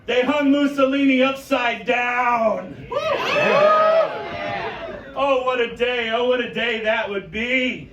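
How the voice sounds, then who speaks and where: Man shouting to a club crowd. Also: very high-pitched, fairly even intonation, slow, long pauses, muffled recording. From Chicago, Illinois. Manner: rousing, profane, joking, talks without a microphone. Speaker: emcee and opening musician. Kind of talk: shouted crowd address at a live show. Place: music club stage, indoors. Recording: roomy club sound from far off, loud crowd and noise. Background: cheering crowd.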